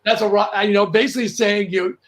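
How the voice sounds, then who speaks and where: A middle-aged man chatting as a guest on a video call, telling lively stories with frequent restarts. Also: sits high, fast talker, noisy background. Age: middle-aged or older. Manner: animated storyteller, frequent restarts. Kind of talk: casual chat.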